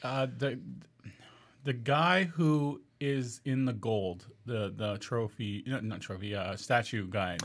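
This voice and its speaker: A man's voice: medium pitch, takes it slowly. A man co-hosting a podcast, casually agreeing and chiming in during a TV review. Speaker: podcast co-host. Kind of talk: casual episode review chat.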